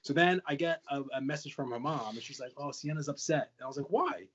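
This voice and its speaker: Fast-talking man telling a story. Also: mid-range voice, a bit bright, muffled recording, slight background noise. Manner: rapid anecdotal storytelling, acts out both sides of conversations. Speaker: podcast co-host, parent. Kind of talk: casual podcast storytelling.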